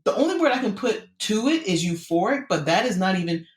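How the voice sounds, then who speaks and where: A woman psychic and guest on a podcast, telling her experiences with lively acted-out reactions. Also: mid-range voice, brisk, roomy sound. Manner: expressive storyteller who acts out her own reactions. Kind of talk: casual interview storytelling.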